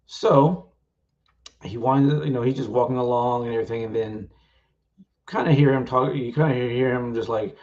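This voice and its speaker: A man's voice: medium pitch, steady tone, normal speed, a little mellow, dull audio. A man and author talking casually about his book on a live stream, rambling and filler-heavy.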